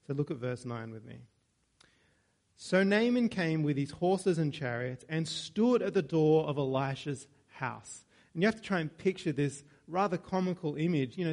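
A man's voice: fairly high pitch, creaky, darkish tone. A man preaching a sermon in a conversational way, with joking asides and self-corrections.

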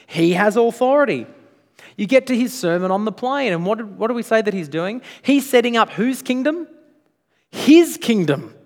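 A man preaching a sermon as pastor, emphatic, with frequent rhetorical questions. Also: high voice. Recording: long reverb of a large hall.

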